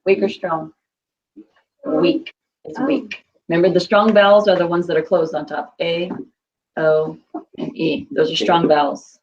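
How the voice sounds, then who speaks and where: A woman's voice: lowish voice, steady tone, normal speed, muffled recording, slight background noise. A woman teaching a Spanish class, patiently quizzing students and repeating their answers.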